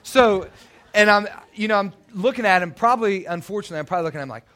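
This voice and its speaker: A man's voice: high voice, racing, fairly bright tone. A man preaching a sermon, telling personal stories in a loose, conversational way with many restarts. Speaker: youth pastor.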